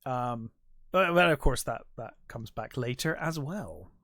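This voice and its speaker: A man co-hosting a podcast, casually retelling a movie's scenes and acting out quick quotes from the characters, with the odd swear. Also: medium pitch, animated, fairly bright tone, no room sound, studio quality. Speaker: podcast co-host. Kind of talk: casual film recap chat.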